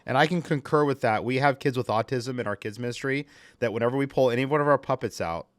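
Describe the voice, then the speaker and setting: A man's voice: mid-range voice, fast talker, no room sound. A man co-hosting a casual chat about kids ministry, talking in an enthusiastic, conversational way. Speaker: podcast co-host, kids ministry leader.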